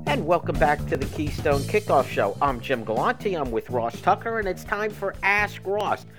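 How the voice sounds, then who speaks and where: A man's voice: fairly high pitch, big pitch swings, normal speed, music in the background. A man hosting a sports talk show, reading ads and listener questions with playful emphasis. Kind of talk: casual sports chat and ad reads.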